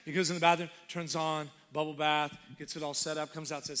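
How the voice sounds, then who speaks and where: Guest preacher, man, Texan accent, high bright voice, playful storyteller. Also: quick pace, hardly any pauses. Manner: lively, acts out voices in stories, laughs often. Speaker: guest pastor. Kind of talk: sermon with comic storytelling.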